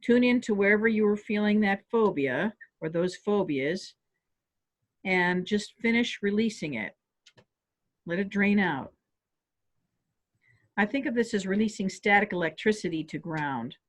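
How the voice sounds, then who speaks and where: A woman calmly guiding listeners step by step through a stress relief tapping exercise on a video call. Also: medium pitch, unhurried, long pauses. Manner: calm step-by-step coaching. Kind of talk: guided tapping exercise instruction. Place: home office on a webinar.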